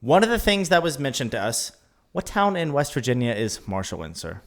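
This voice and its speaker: Animated ranting man, lively pitch. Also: a little fast. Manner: animated, ranting, laughs often. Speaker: podcast co-host. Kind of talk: casual chat.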